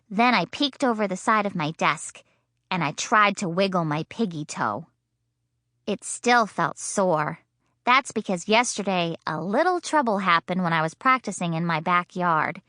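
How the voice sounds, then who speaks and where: A woman's voice: mid-range voice, bright, forceful tone, dry recording. A woman reading a children's audiobook in a bubbly, childlike first-person voice, in a studio. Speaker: audiobook narrator.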